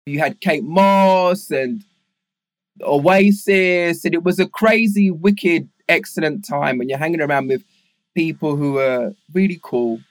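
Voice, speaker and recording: A man's voice: fairly high pitch, measured pace, no echo. A middle-aged man with a London accent, telling long rambling stories about his life in a casual interview, full of fillers. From England. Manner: rambling, animated storyteller with many fillers. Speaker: guest.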